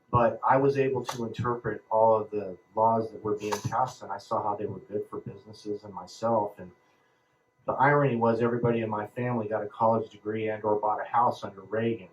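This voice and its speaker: A man in his fifties from Southern California giving a halting personal account as a panel speaker, full of ums and restarts. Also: on the low side, muffled recording, slight background noise. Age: 50s.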